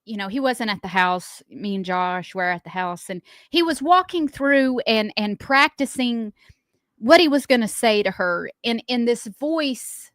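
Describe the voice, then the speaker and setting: A woman on a morning radio show, chatting and telling stories in an animated, sing-song way. Her voice sits a bit high and moves all over the place. The studio sound is dry and close, with no room around her. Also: measured pace, no echo. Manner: lively, laughing storyteller. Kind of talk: casual on-air banter and storytelling.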